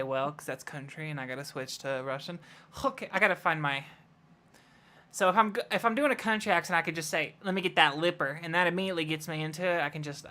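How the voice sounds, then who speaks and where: A young woman narrating as game master in a casual tabletop game, with halting, laughing delivery. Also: deep voice, fairly bright tone.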